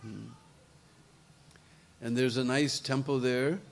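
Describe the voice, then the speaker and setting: A man telling a devotional story in an animated way, with chatty asides to his listeners. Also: medium pitch, slow, creaky, a little hiss or hum.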